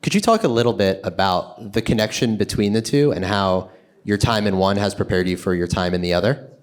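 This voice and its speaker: A man's voice: fairly low pitch, fairly quick. A man moderating a stage Q&A, asking curious, inviting questions. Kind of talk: interview questions.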